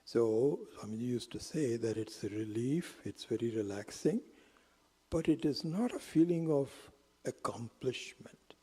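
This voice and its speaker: A man's voice: mid-range voice, animated, a little slow, mellow, husky, in a large hall. A man giving a storytelling lecture as a spiritual teacher, slipping into whispered asides. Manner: drops into whispered asides, acts out quotes.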